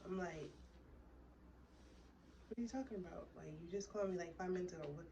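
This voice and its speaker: Young woman, low voice, profane rambling storytime, distant mic, faint background noise. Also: fairly quick, creaky, muffled recording. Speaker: storytime vlogger. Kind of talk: casual storytime.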